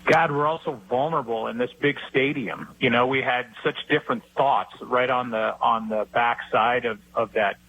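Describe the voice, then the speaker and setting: A middle-aged man, a sports broadcaster, telling stories and giving his view in a relaxed talk-show interview. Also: medium pitch, moderate pace, hardly any pauses, narrow, tinny audio.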